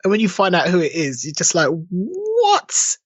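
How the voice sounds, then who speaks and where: A man's voice: on the high side, quick pace, a bit bright, dry recording. A man co-hosting a podcast, chatting casually and acting out quotes in different voices. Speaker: podcast co-host. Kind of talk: casual chat. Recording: dull lo-fi dry sound.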